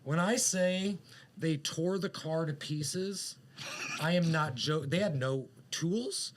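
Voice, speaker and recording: A man's voice: a little high, slow pace, noisy background. Profane, rambling podcast storyteller man. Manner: rambling, profane, lots of fillers. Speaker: podcast co-host. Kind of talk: casual storytelling chat.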